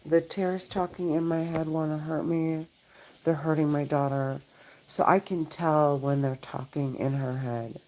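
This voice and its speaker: Low-voiced woman pleading to camera. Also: steady tone, a little slow, mellow, low-quality recording. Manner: pleading, repetitive, agitated. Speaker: vlogger. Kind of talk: monologue to camera. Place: home.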